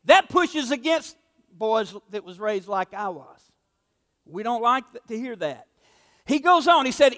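A man's voice: very high-pitched, a bit bright, long reverb tail. A male pastor preaching a sermon, emphatic and conversational, acting out the voices in his stories. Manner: emphatic, conversational, acts out quotes.

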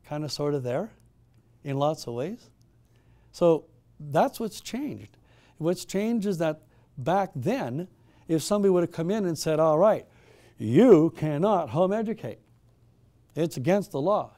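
A man's voice: a little high, warm tone. A middle-aged man hosting a town hall, telling a story to a live audience with emphatic rhetorical questions and frequent restarts. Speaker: town hall host and moderator.

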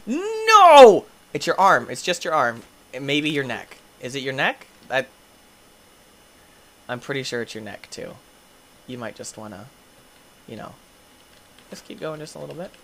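A young man hosting a gaming video, giving excitable play-by-play commentary, often yelping, screaming at in-game injuries and laughing. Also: medium pitch, moderate pace, gravelly, pauses often, a little hiss or hum. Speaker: gaming channel host.

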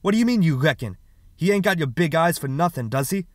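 A man's voice: medium pitch, moderate pace, a bit bright, dry recording, lightly acted. A man voicing an angry, stern father, questioning harshly and scolding. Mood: accusing.

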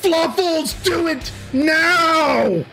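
A man voicing an entitled, demanding female tiefling adventurer in a tabletop game, shrill and indignant. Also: wildly swooping pitch, moderate pace, over music. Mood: shrieking.

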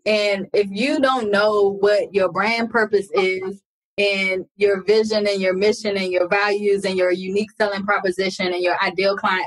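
A woman's voice: mid-range voice, rough recording. A woman hosting a business podcast, who speaks firmly and emphatically and jumps in to make her point. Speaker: podcast host and business coach. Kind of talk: casual podcast conversation.

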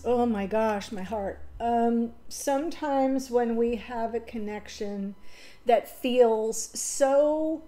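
A woman's voice: a little high, mellow. A woman giving a casual spoken tarot reading, emotional and rambling, with fillers and self-corrections. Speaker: tarot reader.

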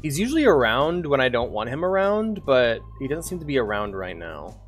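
A man's voice: medium pitch, big pitch swings, a little fast, faint music behind. A man streaming a farming game, chatting casually, humming to himself, reading lines aloud and swearing freely. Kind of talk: casual gameplay commentary.

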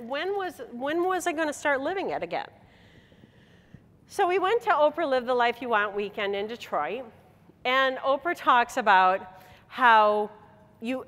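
A middle-aged woman from Michigan giving a motivational speech to a convention, telling a personal story with laughs and acted-out dialogue. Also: a little high. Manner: animated, laughing, acts out dialogue. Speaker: convention speaker. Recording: hall reverb on a stage talk.

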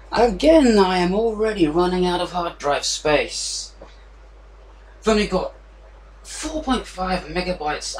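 Rambling man unboxing at home. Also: high-pitched. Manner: rambling, self-deprecating, thinking aloud. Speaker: vlogger unboxing a package. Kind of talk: casual unboxing chat. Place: hot indoor room with a fan running. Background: fan noise.

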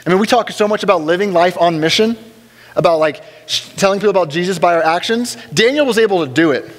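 A man leads a church class in an easygoing, conversational manner, slipping in humorous asides and repeating himself as he gathers his thoughts. His voice sits somewhat high for a man. A long reverb from the church hall trails behind every phrase. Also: fast. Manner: casual, joking asides, frequent restarts. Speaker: Bible study teacher.

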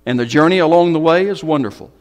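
A man pastor preaching a sermon in a church hall, with a fairly high voice. He swings from loud bursts to hushed whispers. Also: quick pace.

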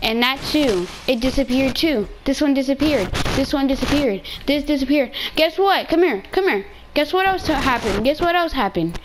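High-pitched woman gamer, super animated, keeps repeating stuff, noisy game sound behind. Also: moderate pace, hardly any pauses. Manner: playful, excitable, repeats herself a lot. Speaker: gamer streamer. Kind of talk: casual gaming chat.

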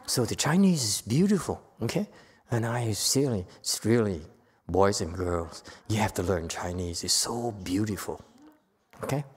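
A woman giving a Buddhist Dharma lecture to a live audience. She is emphatic and playful, swinging from quiet asides to loud outbursts. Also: very deep voice, expressive, normal speed, slightly rough. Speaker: Buddhist teacher. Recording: echoey hall with long reverb.

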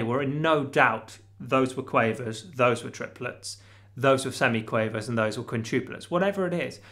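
A man's voice: fairly high pitch, a bit bright. A man teaching a guitar lesson, patiently explaining step by step and counting rhythms aloud. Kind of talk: instructional video lesson.

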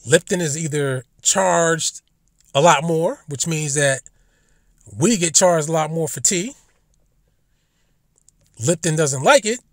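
A man with a slightly high voice delivers an unhurried, rambling, profane monologue, often slipping into acted-out lines of imagined dialogue. He's speaking in a live online audio room, likely on a phone or headset, so the sound is dry and close with no room sound.

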